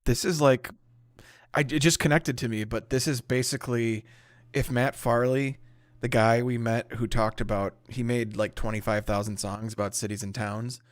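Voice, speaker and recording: A man co-hosting a podcast in casual chat, thinking aloud in halting, tentative phrases. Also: mid-range voice, fairly even intonation, no echo. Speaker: podcast co-host.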